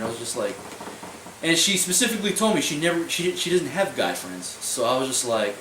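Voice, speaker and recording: Speaking fast in a sing-song voice on the high side, a young vlogger tells a rambling, profane story and keeps falling back on "I was like." The recording has an echoey room, a distant mic, and a little background noise.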